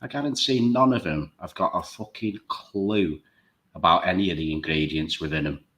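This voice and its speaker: A man's voice: deep voice, normal speed, a bit bright. A man talking bluntly and emphatically in a casual chat show, swearing freely.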